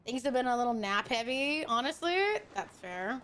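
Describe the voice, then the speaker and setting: High-voiced, profane woman streamer. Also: moderate pace, hardly any pauses, noisy background. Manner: chatty, profane, greets chatters affectionately. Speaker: VTuber streamer. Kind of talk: casual gaming stream chat.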